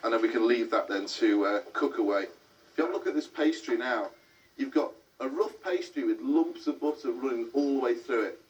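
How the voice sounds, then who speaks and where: A man's voice: mid-range voice, animated, a little fast, dull audio. A man hosting a cooking show, explaining each step in a chatty way as he cooks. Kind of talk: cooking demonstration. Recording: distant mic with background music.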